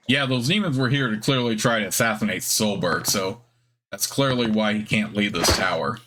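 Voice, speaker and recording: A man hosting a game playthrough, chatting casually and reading the story text, in a relaxed, chatty way. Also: on the low side, normal speed, slight background noise. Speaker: let's play host. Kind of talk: casual gameplay commentary and narration.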